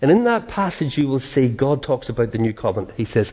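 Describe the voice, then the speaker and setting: A man preaching a sermon in an earnest, animated way, acting out prayers and quotes, with a soft laugh now and then. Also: mid-range voice, quick pace, few pauses.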